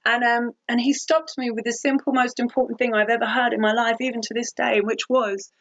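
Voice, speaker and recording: A woman's voice: on the high side, flat delivery, a little fast, few pauses, fairly bright tone. A woman giving a blunt, candid recovery testimony, swearing freely. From England. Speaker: recovery speaker. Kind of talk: personal testimony talk. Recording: dull lo-fi audio.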